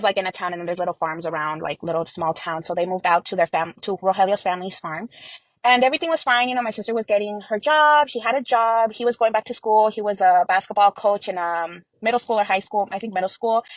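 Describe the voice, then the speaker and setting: A woman's voice: medium pitch, dry recording, poor audio. A young adult woman giving an earnest personal account in an interview, full of fillers and quoted dialogue. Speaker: interview guest.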